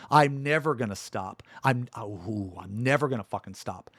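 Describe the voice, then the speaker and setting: A man's voice: mid-range voice, normal speed, hardly any pauses, dry recording, clean studio sound. A man streaming live, ranting angrily with heavy profanity and hammering the same points over and over. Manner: angry, profane, emphatic repetition. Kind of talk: livestream rant.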